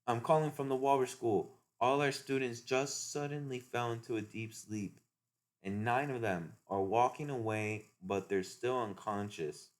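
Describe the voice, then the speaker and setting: A man's voice: mid-range voice, a little slow, voice pushed up, close to an everyday voice. A man reading the lines of a school staff member making an urgent radio report.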